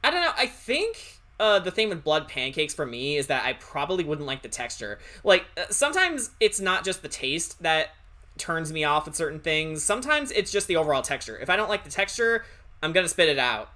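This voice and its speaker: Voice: medium pitch, sing-song, fairly quick, bright, forceful tone. A streamer chatting casually while drawing, rambling and hesitant with lots of fillers. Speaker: streamer and artist.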